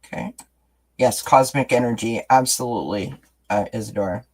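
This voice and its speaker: A tarot card reader hosts a casual live-streamed reading. The delivery is chatty and encouraging, warm toward the audience, with self-deprecating asides slipped in between the cards. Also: mid-range voice, expressive, normal speed, poor audio. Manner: chatty, encouraging, responds to chat comments.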